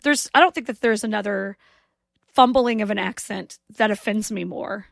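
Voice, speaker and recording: A woman's voice: mid-range voice, moderate pace, vocal fry, no echo, clean studio sound. A woman from the American South co-hosting a podcast, chatting emphatically about a film and repeating her points. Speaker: podcast co-host. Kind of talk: casual film discussion.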